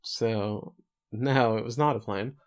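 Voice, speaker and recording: A man's voice: on the low side, slow pace. A man co-hosting a podcast, casually recapping an episode in a rambling, self-correcting way with dry jokes.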